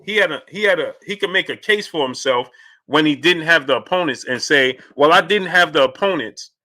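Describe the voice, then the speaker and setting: A man's voice: fairly high pitch, a little fast. A man hosting a casual live stream about boxing, arguing his points with energy while greeting viewers by name and reading their super chats. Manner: animated, greets viewers by name mid-argument.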